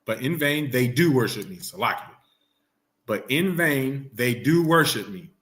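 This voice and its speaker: A man teaching a religious class, questioning his students and coaxing answers out of them. He repeats himself often and reads scripture slowly and deliberately. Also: mid-range voice, animated, fairly bright tone.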